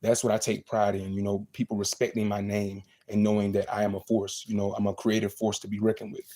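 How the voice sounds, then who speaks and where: A man's voice: on the low side, completely flat delivery, fairly quick, mellow. A young man talking casually and earnestly to fans on a livestream, repeating himself for emphasis. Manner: earnest, repetitive, motivational.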